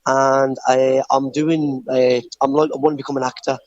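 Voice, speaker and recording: Scottish guy w/ a bit of midlands in it, flat earnest voice, dry sound, lots of uhs. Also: mid-range voice, normal speed, no room sound, muffled recording. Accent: Scottish with some English Midlands mix. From Scotland. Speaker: guest. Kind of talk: interview answering, telling his life story. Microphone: remote call.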